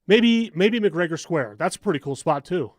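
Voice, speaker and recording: Sports radio panelist, a man with a slightly high voice, measured and agreeable, dry close mic. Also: lively intonation, no room sound. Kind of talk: sports talk radio banter. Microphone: studio microphone.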